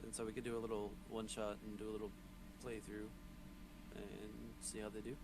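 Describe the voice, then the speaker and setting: A man acting as game master, chatting casually over a voice call and pitching a short session, hesitant and full of fillers. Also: monotone, a little fast. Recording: noisy voice chat line.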